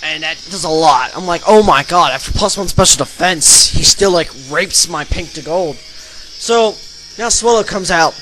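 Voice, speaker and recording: A young man narrating his online game battles as a channel host, energetic and breaking into loud excited shouts. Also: a little high, moderate pace, rough recording. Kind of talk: excited battle commentary over gameplay video. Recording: voice-over with faint background music.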